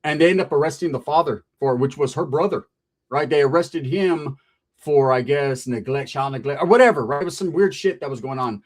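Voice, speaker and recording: A man telling a story in a casual, streetwise way, full of slang and swearing and punctuated by "right?". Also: on the high side. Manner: animated, drawn-out telling with frequent "right?". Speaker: storyteller on a podcast.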